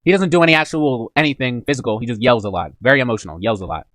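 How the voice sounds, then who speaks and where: Fast-talking man reacting to manga. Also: medium pitch, fairly bright tone, no room sound. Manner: slangy, joking, jumps into character voices. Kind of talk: casual manga chapter reaction.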